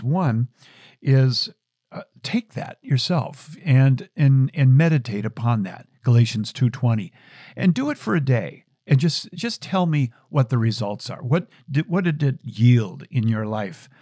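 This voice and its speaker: A man's voice: medium pitch, warm tone, dry recording. Earnest man host, dry close sound. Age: middle-aged. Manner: earnest, storytelling, frequent restarts. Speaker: show host. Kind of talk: reflective personal talk.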